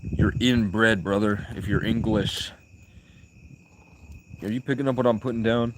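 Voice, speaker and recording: A man's voice: lowish voice, moderate pace, long pauses. A young man live streaming, chatting with viewers in rambling, crude, provocative banter. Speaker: livestreamer.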